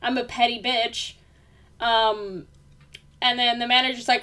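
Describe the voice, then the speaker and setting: A young woman vlogs in a loose, rambling way, her fairly high, sharp-toned voice unhurried and broken by frequent pauses and plenty of fillers. As she vents in this casual monologue, she gets heated and emphatic.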